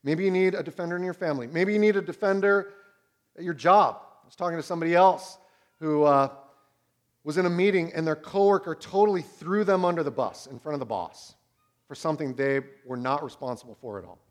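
Guy preaching a sermon, kinda high voice, gets loud then goes real quiet. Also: a little fast. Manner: animated preaching, swings from loud to hushed. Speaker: pastor.

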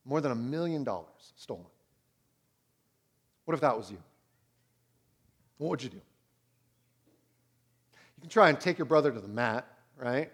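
A pastor in his thirties preaching a sermon, swinging between loud and hushed. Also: mid-range voice, animated, a little slow, pauses often.

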